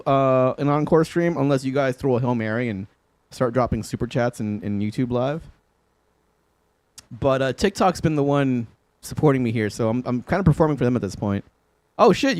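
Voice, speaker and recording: A man's voice: medium pitch, dry recording. A young man livestreaming from home, chatting loosely with viewers, laughing often and swearing casually. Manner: laid-back, swears often, laughs a lot. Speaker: livestreaming guitarist. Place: home room.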